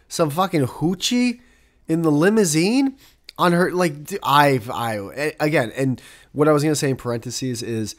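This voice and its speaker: A man's voice: fairly high pitch, moderate pace. Rambling, swearing young podcast guy. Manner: rambling, profane, self-interrupting with asides. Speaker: podcast host. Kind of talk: casual solo podcast monologue.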